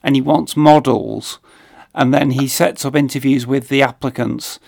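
Gravelly man explaining films casually. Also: medium pitch, fairly even intonation, darkish tone. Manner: measured, explains plot at length with fillers. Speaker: film podcast co-host. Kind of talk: casual film discussion.

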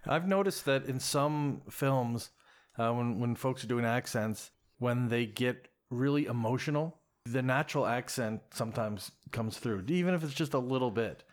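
A man's voice: mid-range voice, normal speed. A male host asking questions and chatting in a friendly, conversational way during a casual interview.

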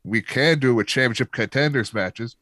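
A man co-hosting a casual chat, calmly questioning and explaining. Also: medium pitch, a little fast, no room sound, clean studio sound. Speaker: podcast co-host.

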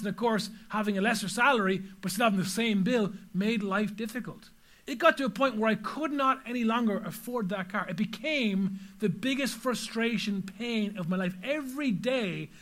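High-voiced pastor preaching. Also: male voice, a bit bright. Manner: storytelling, emphatic rhetorical questions. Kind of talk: sermon. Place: church service before an audience.

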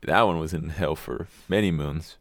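A man co-hosting a casual podcast chat, relaxed and joking, swearing now and then. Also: a bass voice, moderate pace, no echo. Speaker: podcast co-host.

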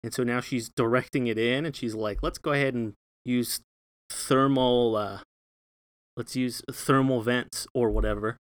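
A man's voice: medium pitch, steady tone, a little slow, clear, resonant tone, dry recording. Guy running a tabletop game, chatty and loose, lots of ums and likes, dry close sound. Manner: chatty, loose, full of fillers and asides. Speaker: game master.

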